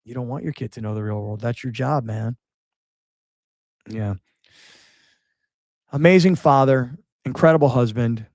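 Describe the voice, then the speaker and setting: A middle-aged man hosting a radio show, remembering a late friend in halting speech that repeats words and shifts between sadness and laughter. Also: medium pitch, darkish tone, no echo, studio quality. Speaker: radio host. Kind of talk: emotional on-air remembrance.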